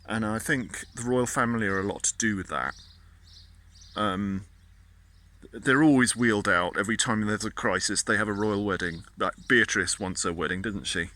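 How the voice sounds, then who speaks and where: Man, bright forceful voice, indignant rant, repeats words. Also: fairly low pitch, moderate pace. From Britain. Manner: indignant, stumbling repetitions. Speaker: vlogger. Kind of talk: casual political rant.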